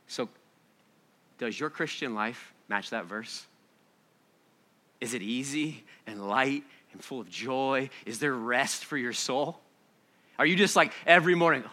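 A man preaching a sermon, reading scripture softly and then building to loud, excited exhortation with rhetorical questions. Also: mid-range voice, a little slow, long pauses.

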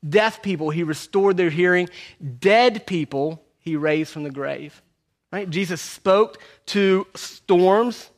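A man's voice: sits high, slow. A man preaching a sermon in a conversational way, repeating his key phrases. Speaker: pastor. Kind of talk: sermon teaching through a book.

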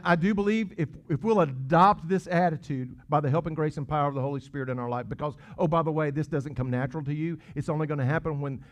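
A man preaching a sermon, earnest and emphatic, swinging between loud peaks and hushed asides. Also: a little high. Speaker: pastor. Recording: dull lo-fi sound.

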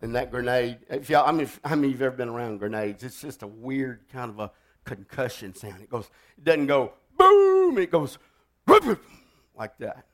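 An older man preaching a sermon, telling a war story with loud outbursts that drop to a hush. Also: medium pitch, sing-song, a little fast. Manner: dramatic storytelling, swings from loud outbursts to hushed.

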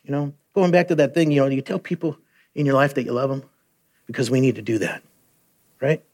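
A man preaching a sermon in an earnest, conversational way, often stopping to restart a sentence. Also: mid-range voice.

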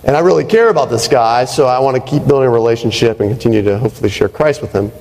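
A man's voice: mid-range voice, racing, darkish tone. A male pastor preaching a sermon in a conversational way, often checking in with "right?". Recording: reverberant hall.

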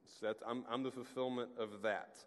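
A pastor giving a casual, conversational sermon, full of restarts and acted-out asides. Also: male voice, medium pitch, flat delivery, normal speed. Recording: long hall reverb.

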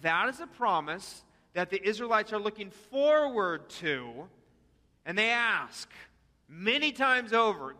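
A man's voice: sits high, very animated, takes it slowly, bright, forceful tone. A senior pastor giving a conversational sermon to his congregation, with fillers and calls to repeat after him. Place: church sanctuary. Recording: long hall reverb.

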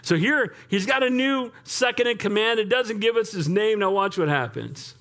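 A male pastor preaching a sermon in a lively, conversational way, often asking the congregation for an amen. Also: high voice, moderate pace.

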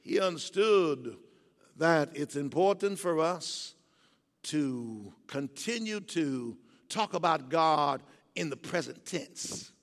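An older man preaching a sermon, swinging from low, quiet passages to soaring, emphatic shouts. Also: gravelly. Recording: long hall reverb.

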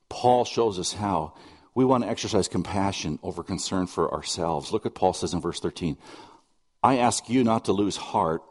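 A man's voice: low voice, a little mellow, long reverb tail. A middle-aged man preaching a sermon, earnest and conversational, mixing scripture with personal stories and asides. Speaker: pastor.

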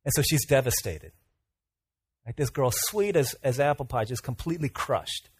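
A man preaching a casual youth sermon, telling stories in a lively way with many fillers and asides. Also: mid-range voice, moderate pace, slightly rough, dry recording. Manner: animated storytelling with fillers and asides.

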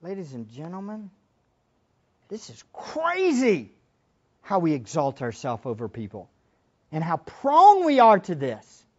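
A woman preacher giving an impassioned sermon, moving between loud exclamations and hushed asides. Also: fairly low pitch, wildly swooping pitch, measured pace, pauses often. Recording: dull lo-fi sermon recording.

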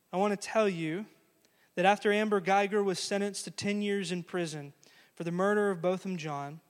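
A man preaching a sermon, telling a story earnestly and closing with a quiet blessing. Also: high voice, long reverb tail. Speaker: pastor.

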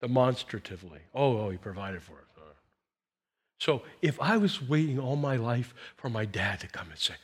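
A man in his sixties preaching as a pastor, swinging from loud emphasis to hushed quiet. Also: medium pitch, lively intonation, normal speed, husky. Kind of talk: sermon.

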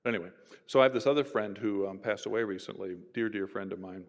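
A man, a university professor, telling stories in an animated conversational way and voicing the people in them. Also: fairly low pitch, quick pace. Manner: animated, voices others in his stories. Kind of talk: conversational storytelling. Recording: roomy with long reverb.

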